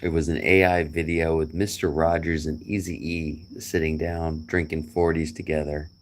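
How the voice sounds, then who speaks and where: A man's voice: a bass voice, flat delivery, moderate pace. A middle-aged man chatting casually to a friend, rambling and joking with chuckles. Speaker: vlogger.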